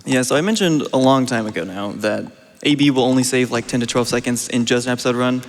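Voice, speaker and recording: A man's voice: medium pitch, fast talker, big-room sound. Laid-back young man commenting a speedrun. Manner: relaxed, laughs often, explains routes. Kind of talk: casual live commentary while playing.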